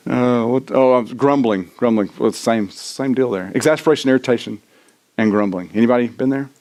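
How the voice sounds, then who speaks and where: A middle-aged man preaching a sermon in a church, animated and self-deprecating, often tossing in "right?" to the congregation. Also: mid-range voice, normal speed, long pauses. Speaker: pastor. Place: church sanctuary.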